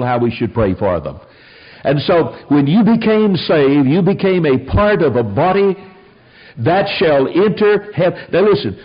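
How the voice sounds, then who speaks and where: A man preaching a sermon in a folksy, emphatic way, full of quick asides. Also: fairly high pitch, husky. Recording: dull lo-fi radio broadcast.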